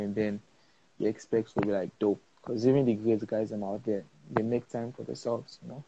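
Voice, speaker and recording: A man's voice: on the low side, steady tone, normal speed, creaky, dark tone, a little hiss or hum, low-quality recording. A young man with a Sierra Leonean accent, a film-maker talking casually and rambling in a live interview, full of fillers and restarts. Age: young adult. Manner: laid-back, rambling, many fillers and restarts. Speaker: interview guest, cinematographer.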